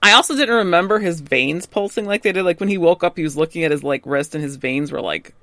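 A woman's voice: fairly low pitch, fast talker, a bit bright, no room sound. A woman co-hosting a podcast, chatting casually in a laid-back way, mostly with short agreeing replies. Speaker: podcast co-host. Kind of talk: casual chat.

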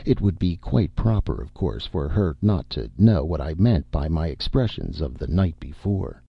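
A man narrating a story in the first person, expressive and melodramatic. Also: rumbling low, moderate pace, creaky, breathy edge, dry recording, muffled recording. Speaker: audiobook narrator.

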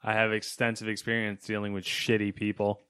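A man co-hosting a casual podcast, dry and deadpan, reading out news items between chat. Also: fairly low pitch, brisk, smooth. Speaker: podcast co-host.

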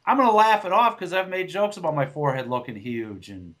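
A man's voice: on the high side, expressive, fast talker, few pauses, a bit bright. A man who does stand-up, chatting on a podcast in a blunt, rambling way with lots of swearing and restarts. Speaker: podcast co-host, stand-up comic. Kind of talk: casual podcast chat.

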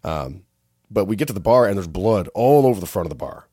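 Canadian man, low voice, animated storyteller; dry close recording. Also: fairly quick, dry recording. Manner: animated storytelling, acts out quoted people loudly. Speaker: storyteller in a casual conversation. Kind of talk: casual chat.

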